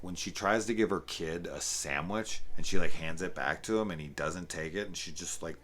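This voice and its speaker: A deep, low-pitched man talks through a movie review off the cuff. He rambles, swears freely and gets fired up when he recommends films. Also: a bit bright. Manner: profane, rambling, enthusiastic. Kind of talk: casual unscripted review talk.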